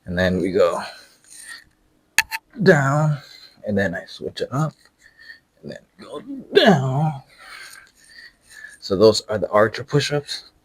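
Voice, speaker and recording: A man's voice: medium pitch, expressive, takes it slowly, pauses often, husky. A young man demonstrating a calisthenics workout and explaining each move, out of breath from exercising, with many fillers and restarts. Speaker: fitness vlogger.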